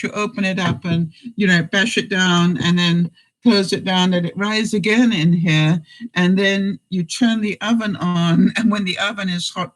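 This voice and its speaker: A woman vlogger chatting casually with her viewers, frank and quick to laugh. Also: on the low side, rough recording. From Canada. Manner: chatty and blunt, laughing often. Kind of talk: casual live chat to viewers.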